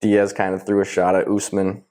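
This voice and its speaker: Low-voiced man, easygoing co-host. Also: monotone, moderate pace, a little mellow. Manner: easygoing, laughs along, short replies. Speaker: co-host, brother. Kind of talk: casual chat.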